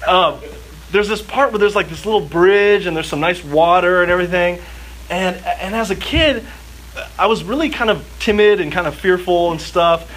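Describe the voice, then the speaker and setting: A man's voice: sits high, moderate pace, a bit bright. A man from Southern California preaching to a live audience, telling a personal story in a chatty way with constant "like" and acted bits of his child self. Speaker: youth speaker. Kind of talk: storytelling sermon before an audience. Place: church gathering with live audience. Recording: audience noise in a hall.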